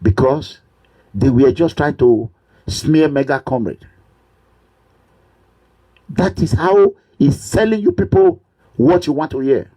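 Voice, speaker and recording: A man with a Nigerian accent giving an impassioned political monologue, preachy and repetitive, at times breaking into shouts. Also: fairly high pitch, big pitch swings, slow, long pauses, slightly rough. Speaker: political commentator.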